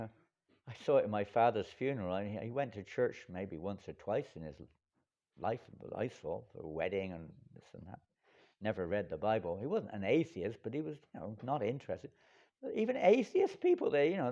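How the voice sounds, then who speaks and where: A monk giving a lively, dramatic storytelling sermon with wry asides. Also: male voice, lowish voice. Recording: dull lo-fi lecture recording.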